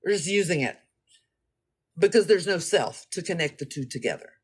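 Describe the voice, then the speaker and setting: A man talking casually, telling a story in an animated, slangy, rambling way and speaking straight to his listeners. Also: on the high side, moderate pace, slightly rough.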